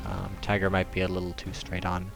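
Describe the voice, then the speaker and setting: Guy with a low gravelly voice doing joking game commentary, faint music under it. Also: fairly quick. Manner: joking, gets excited and high-pitched when the action heats up. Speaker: gameplay commentator. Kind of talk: replay commentary.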